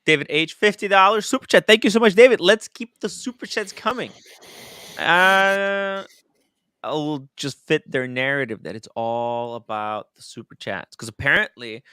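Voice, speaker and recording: Male livestream host, fairly high bright voice, very dry close sound, animated and swearing. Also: normal speed, clean tone, no room sound. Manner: animated, laughing, swearing freely. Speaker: livestream host reading super chats. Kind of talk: casual livestream chat.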